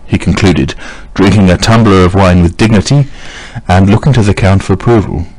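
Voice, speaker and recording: A man narrating a classic novel as an audiobook reader, in a measured, even reading. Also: low voice, no echo, low-quality recording. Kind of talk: scripted narration.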